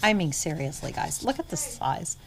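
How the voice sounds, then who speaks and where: A middle-aged woman reselling vintage goods, chatting casually to her viewers and often dropping into an excited hushed near-whisper. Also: lowish voice, moderate pace, background noise. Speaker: vintage reseller showing inventory. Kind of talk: casual vlog chat.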